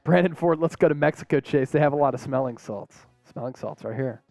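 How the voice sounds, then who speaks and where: A man's voice: medium pitch, fairly quick, gravelly, darkish tone, no room sound, soft background music. A man hosting a live sports stream, chatting casually in a laid-back, rambling way with frequent chuckles. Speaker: sports show host.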